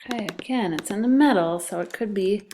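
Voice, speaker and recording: A woman's voice: mid-range voice, brisk, mellow, a little hiss or hum. A woman teacher giving a phonics lesson to second graders, patient and sounding out letters and syllables.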